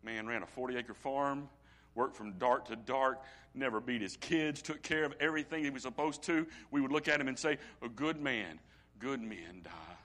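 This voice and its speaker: A middle-aged man preaching a sermon as pastor, swinging from hushed, near-whispered lines to loud, ringing ones and stretching out key phrases slowly. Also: mid-range voice, steady tone. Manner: slow, drawn-out emphasis on key phrases.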